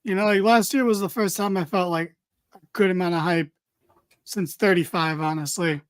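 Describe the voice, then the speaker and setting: A man's voice: sits high, steady tone, moderate pace, smooth, no echo. A tired man co-hosting a casual wrestling podcast, rambling with dry, mock-serious humor. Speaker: podcast co-host.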